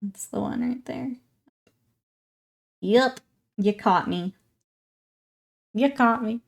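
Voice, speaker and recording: A woman's voice: on the high side, slow, gravelly, long pauses. Young woman streaming, chatty, keeps giggling, says hi to chat. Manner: chatty, laughs often, greets chat. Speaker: livestreamer. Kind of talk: casual chat with viewers while hobby painting.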